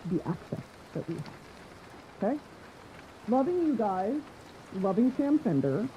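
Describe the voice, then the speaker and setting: A woman hosts her podcast in loose, casual chat, rambling and swearing freely as she gets carried away. Her voice is dark and mellow, set at an ordinary woman's pitch. Faint rain patters behind her. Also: big pitch swings, a little slow, dull audio, a little hiss or hum. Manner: profane, rambling and enthusiastic. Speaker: podcast host.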